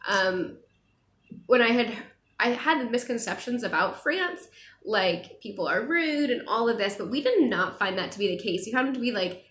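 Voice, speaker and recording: A young woman chats casually with viewers, answering their questions in an animated way. Her voice sits on the higher side. The room has a noticeable echo. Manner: chatty, animated, quick laughs. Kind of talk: casual chat. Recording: echoey room.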